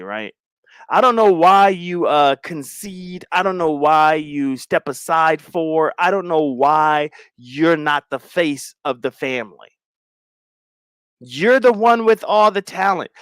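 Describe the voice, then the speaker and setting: Livestream host, middle-aged man, slangy shout-out banter, slightly high voice, dry close mic. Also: no room sound. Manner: loose slangy banter, shout-outs to viewers. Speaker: livestream host greeting chat. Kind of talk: casual livestream chat.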